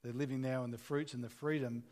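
A man's voice: medium pitch, steady tone, fast talker, a little mellow. A man preaching a sermon in an earnest, conversational way, asking the listeners questions as he retells a scripture story.

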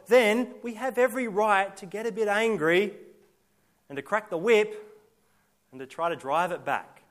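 High-voiced man preaching a sermon. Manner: emphatic, builds repeated lists and rhetorical questions. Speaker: pastor.

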